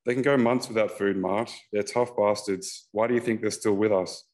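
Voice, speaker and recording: A man's voice: fairly low pitch, steady tone, normal speed, darkish tone, lightly acted. A man voicing a hungover weary woman. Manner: blunt, tired replies.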